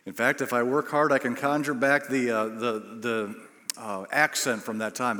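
A man's voice: medium pitch, steady tone, moderate pace, bright, forceful tone. A middle-aged man preaching a sermon, telling self-deprecating stories and acting out the quotes. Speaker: pastor. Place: large church auditorium. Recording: long hall reverb.

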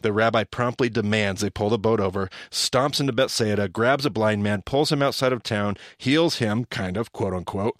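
A man's voice: on the low side, moderate pace, few pauses, dry recording, clean studio sound. A man hosting a podcast, teaching in casual chat and acting out the lines he quotes. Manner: animated storyteller, acts out quoted lines.

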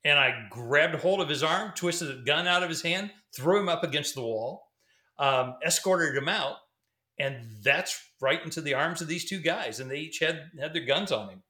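A man's voice: a little high, animated, moderate pace, bright, forceful tone. A middle-aged man, a former pastor, telling a story casually, rambling with fillers and restarts. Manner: rambling, fillers and restarts, laughs between sentences. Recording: roomy echo.

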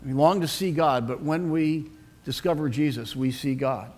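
Middle-aged man, Boston accent, pastor giving a Sunday sermon; voice sits a little high, earnest and storytelling. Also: a little mellow. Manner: earnest, reflective, with prayerful pauses.

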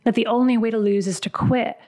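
A woman's voice: on the high side, steady tone, brisk, a little mellow. A woman career coach delivering a motivational podcast monologue, emphatic and fond of repeating phrases for punch.

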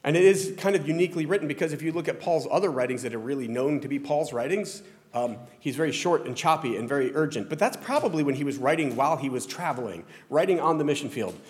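A man's voice: a little high, animated, fast. A male pastor with a Southern American accent giving a conversational, self-deprecating sermon in a church sanctuary. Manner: conversational, self-deprecating preaching with frequent restarts. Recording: long hall reverb.

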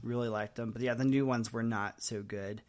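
A man co-hosting a podcast in casual chat, rambling and animated, often laughing and trailing off softly. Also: medium pitch, normal speed. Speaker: podcast co-host.

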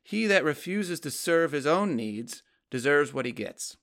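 A man's voice: a little high, animated, normal speed, few pauses, fairly bright tone. A man co-hosting a conversational discussion of poetry, patiently explaining lines of verse.

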